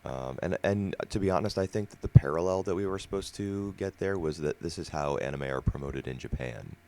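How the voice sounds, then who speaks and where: A man with a remarkably deep, low voice talks through his views at an easy pace. He co-hosts a casual podcast discussion and explains things at length in a relaxed way. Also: brisk. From United States. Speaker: podcast co-host.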